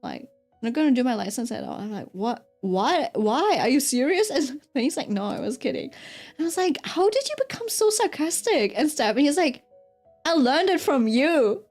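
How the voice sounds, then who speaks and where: Giggly high-voiced young woman rambling. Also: big pitch swings, moderate pace, darkish tone, soft background music. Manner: chatty, giggly, rambling with many fillers. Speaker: artist streaming while drawing. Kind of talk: casual chat while drawing.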